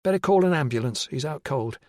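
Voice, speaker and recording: A man's voice: medium pitch, lively intonation, fairly quick, darkish tone, no room sound, studio quality, voice pushed up, natural voice. A man voicing a tough female police officer who speaks in a clipped, businesslike way. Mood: brisk. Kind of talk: audiobook character voice.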